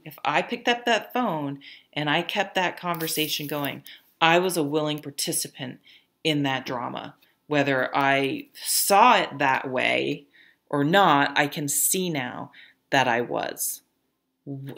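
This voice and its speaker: A woman's voice: low voice, fairly bright tone. A woman giving a casual tarot reading, chatty, with lots of fillers and restarts, and now and then laughing at her own stories. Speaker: tarot reader.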